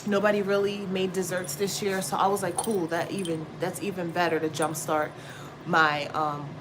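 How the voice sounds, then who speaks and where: A woman hosting a tarot stream, talking casually and bluntly to her viewers with lots of swearing and quick asides. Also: lowish voice. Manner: blunt, profane, chatty, laughs and exclaims often. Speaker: tarot reader livestream host. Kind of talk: casual spiritual talk to viewers. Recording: steady background noise.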